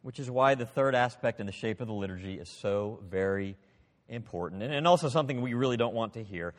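A man preaching a sermon, expressive, swinging from loud emphasis to hushed, quiet passages. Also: on the low side, a little fast, big-room sound.

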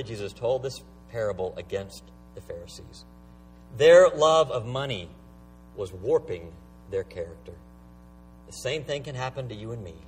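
A male pastor preaching a sermon, emphatic and driven by rhetorical questions, recorded from a distant mic with a faint hum. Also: medium pitch.

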